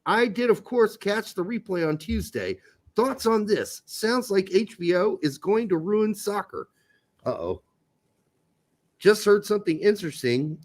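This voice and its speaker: A man co-hosting a casual sports podcast, blunt, opinionated and joking, with frequent swearing. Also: high-pitched. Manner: blunt, profane, opinionated, jokey. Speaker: podcast co-host.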